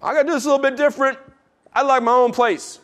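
A man's voice: very high-pitched, lively intonation, normal speed, a bit bright, voice pushed up. A man voicing a polite but determined old patriarch who talks in casual modern phrasing, in a comic sermon retelling.

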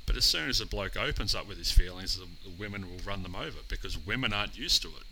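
A man speaking as a guest in a casual conversation, earnest and expressive with halting restarts. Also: sits low, a crowd in the background, poor audio. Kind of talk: casual podcast chat.

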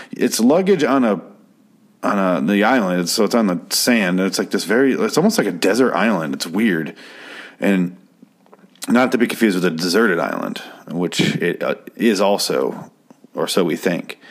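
Low-voiced man ranting through a recap. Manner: rambling, sarcastic, swears freely. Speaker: TV episode recapper. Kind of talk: casual profane recap.

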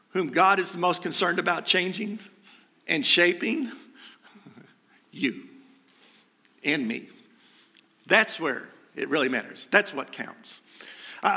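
A man's voice: fairly high pitch, lively intonation, slow, pauses often, pushed and bright. A male pastor preaching a sermon in a conversational way, asking rhetorical questions and dropping light jokes.

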